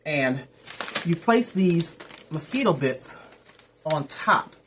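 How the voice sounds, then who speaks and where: A noisy background surrounds a woman whose voice sits low, expressive and slow-paced. She's a plant care vlogger casually showing her house plants, going off topic and tripping over what the plants are called.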